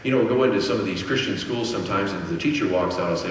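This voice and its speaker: Deep-voiced man lecturing in an echoey hall. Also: very fast, slight background noise. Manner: teacherly, poses rhetorical questions and answers them. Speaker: conference speaker. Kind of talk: Christian apologetics lecture. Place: conference hall. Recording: very echoey hall, distant mic, faint ambience.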